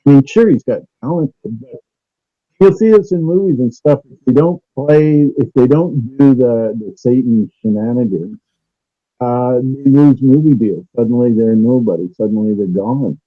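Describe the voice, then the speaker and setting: Man, guest on a call, casual halting talk, many fillers, muffled dull line. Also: mid-range voice. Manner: hesitant, many uh fillers and restarts. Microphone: remote call audio.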